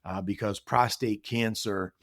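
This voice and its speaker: A man's voice: on the low side, fairly even intonation, measured pace, no room sound, clean studio sound. A middle-aged man telling a candid personal story as a podcast guest, earnest and reflective, voicing the people in it. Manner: earnest, reflective, acts out quoted dialogue.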